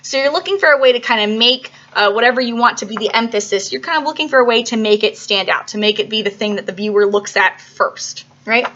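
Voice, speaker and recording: A woman's voice: a little high, fast, hardly any pauses, fairly bright tone. A woman teaching an elementary art lesson in a chatty way, often checking in with "right?" and "okay?". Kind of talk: classroom video lesson for children. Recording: slightly dull lo-fi recording.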